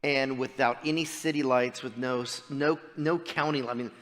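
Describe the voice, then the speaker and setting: A man, preaching a sermon as pastor, moving between loud emphatic preaching and quiet personal storytelling. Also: mid-range voice, fairly even intonation, normal speed. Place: church sanctuary. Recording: long church reverb.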